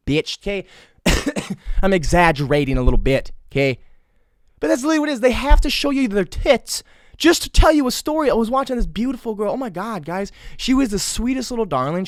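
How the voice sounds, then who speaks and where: A man's voice: sits high, no echo, clean studio sound. A man hosting a solo podcast, ranting sarcastically with crude jokes and mock exasperation. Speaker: podcast host.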